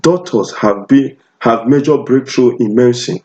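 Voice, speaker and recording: A man's voice: medium pitch, moderate pace, few pauses, a little mellow. A Nigerian man with a Nigerian accent preaching a sermon, emphatic and repetitive, often restarting his phrases. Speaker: pastor. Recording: dull lo-fi recording.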